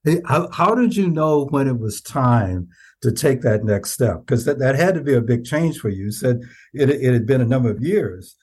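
A male interviewer with a mid-pitched, slightly husky voice draws his guest out with earnest, encouraging questions. He often restarts a phrase before landing on what he means. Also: lively intonation, moderate pace, darkish tone. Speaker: podcast host.

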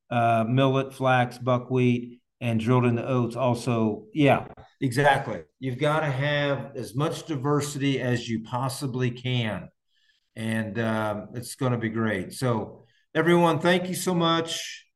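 A man's voice: medium pitch, takes it slowly. A man hosting a farming podcast, from Indiana, chatting casually and enthusiastically with listeners and answering their questions, with plenty of restarts. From Indiana, United States. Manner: rambling, enthusiastic, frequent restarts. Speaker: podcast host and farmer. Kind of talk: casual live-stream chat answering questions.

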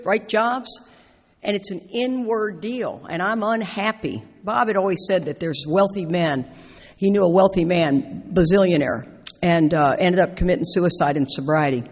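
A middle-aged woman speaking at a recovery meeting, telling stories with playful, animated asides. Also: mid-range voice. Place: large meeting hall. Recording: echoey hall with long reverb.

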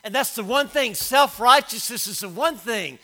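A middle-aged man preaching a sermon, swinging between loud emphatic lines and quiet storytelling. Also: very high voice, lively intonation, normal speed, low-quality recording. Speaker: pastor.

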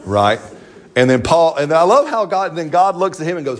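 A man's voice: fairly high pitch, big pitch swings, brisk. A man preaching a sermon as pastor, folksy and joking, with slang and playful asides to his congregation.

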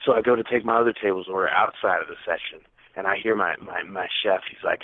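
A young man co-hosting a podcast rattles off a casual story in a low, fast voice, which jumps up whenever he acts out what people said. The audio is thin and tinny like a phone, and completely dry with no room sound.

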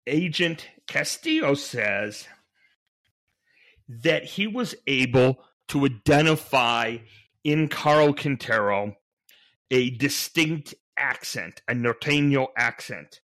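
Male podcast host with a middle-pitched voice, casually narrating, working his thoughts out aloud with restarts. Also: fairly bright tone. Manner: thinks aloud, frequent restarts and fillers.

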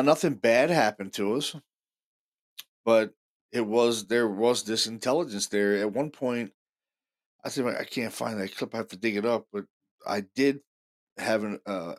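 A man hosting a paranormal show, telling stories casually in an excited, rambling way full of fillers and restarts. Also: fairly low pitch, normal speed. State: deaf in left ear. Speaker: paranormal podcast host. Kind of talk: casual storytelling monologue.

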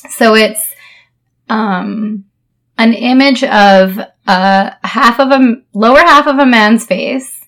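A woman's voice: fairly high pitch, slow pace, fairly bright tone. A woman co-hosting a podcast, chatting casually and rambling with fillers, laughing often. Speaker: podcast co-host. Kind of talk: casual chat.

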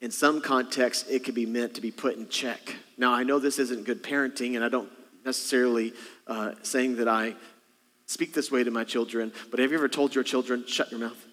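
A man's voice: medium pitch, fairly even intonation, a little fast, fairly bright tone. A man preaching a sermon as pastor, talking conversationally to the congregation with rhetorical questions and jokes. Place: church sanctuary. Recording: long reverb of a large hall.

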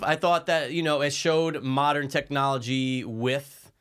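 A man's voice: on the high side, steady tone, unhurried, fairly bright tone, clear, resonant tone. A man co-hosting a casual movie discussion, talking in a laid-back, meandering way with some swearing. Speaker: podcast co-host.

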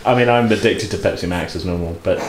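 A man's voice: sits low, fast talker, reverberant, slight background noise, rough recording. A man hosting a casual podcast chat as game master, talking loosely with many fillers. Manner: loose, filler-heavy talk.

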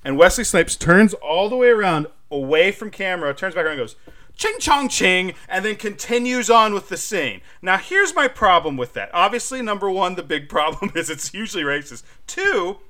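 Co-hosting a podcast, this man keeps the casual chat animated, peppering it with "like" fillers and laughs. His voice sits high and sounds bright and forceful, moving fairly quickly with few pauses and a very animated delivery.

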